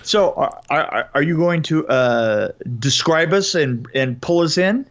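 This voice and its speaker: A man co-hosting a podcast, speaking haltingly with many fillers as he reviews a film. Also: a little high, expressive. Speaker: podcast co-host. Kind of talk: casual film review chat. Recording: dull lo-fi audio.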